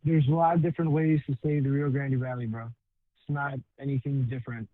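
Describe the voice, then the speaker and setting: A man's voice: mid-range voice, flat delivery, a little fast, no room sound. A man from South Texas calling in to a live show, insistently defending how he speaks. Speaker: caller. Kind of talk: call-in debate. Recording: tinny phone line.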